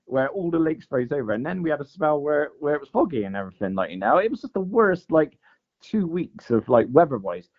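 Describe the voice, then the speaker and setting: A man's voice: fairly high pitch, sing-song, brisk. A man telling a long fishing story in casual chat, saying "mate" and "like" all the time. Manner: chatty, says "mate" and "like" constantly. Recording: dull lo-fi sound.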